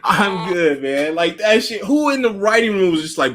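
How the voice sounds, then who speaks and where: A man's voice: high voice, big pitch swings, normal speed, a bit bright. A man hosting a podcast in casual chat, loose and profane, laughing often. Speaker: podcast host.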